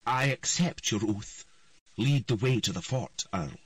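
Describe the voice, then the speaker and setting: A man's voice: mid-range voice, unhurried, no room sound, far from the mic, pitched above the performer's own voice, close to an everyday voice. A man voicing a cold, commanding old queen who speaks in a stern, authoritative way. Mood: solemn. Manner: authoritative, forceful.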